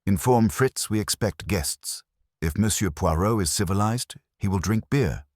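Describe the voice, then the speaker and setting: A man's voice: fairly low pitch, animated, unhurried, darkish tone, slightly rough, dry recording, clean studio sound, voice pushed up. A man voicing a stout, imperious male genius detective who speaks in curt, commanding, dismissive sentences.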